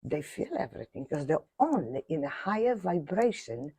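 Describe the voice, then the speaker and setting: An older woman telling a personal story in animated fashion, acting out other people's voices, with non-native grammar. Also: low-pitched, normal speed, slightly rough, dry recording. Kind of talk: animated anecdote.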